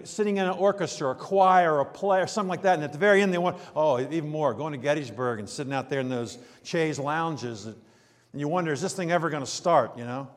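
Animated preacher in a reverberant hall. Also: male voice, a little high. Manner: animated, swings from loud emphasis to quiet asides. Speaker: pastor. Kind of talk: sermon.

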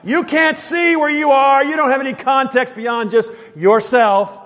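A man voicing an indignant male archangel who scolds a doubting mortal, rising to a shout, with a long reverb around him. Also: extremely high pitch, fairly even intonation, a little slow, voice pushed up.

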